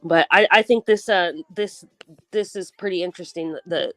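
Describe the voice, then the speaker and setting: A woman's voice: on the low side, normal speed, no room sound. A woman hosting a casual livestream chat, rambling with restarts and laughing often. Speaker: livestream host.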